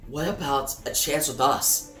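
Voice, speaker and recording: A man's voice: mid-range voice, a little slow, fairly bright tone, natural voice. Guy reading a grumpy young vigilante dude, short and hurt, faint music. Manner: hurt, curt. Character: sulky young male vigilante. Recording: roomy echo, faint music.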